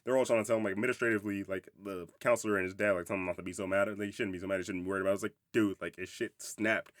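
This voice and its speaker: Fast-talking, rambling young podcast man. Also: fairly low pitch, fairly even intonation, no room sound, studio quality. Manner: rambling, profane, laughs often. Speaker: podcast host. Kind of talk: casual movie review chat.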